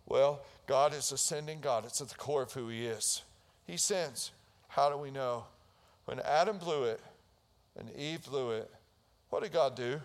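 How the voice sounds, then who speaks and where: With a medium-pitched voice and a slightly slow pace, this male pastor retells Bible stories in his sermon, voicing the characters and acting out the scenes with growing intensity. The audio carries a long reverb tail.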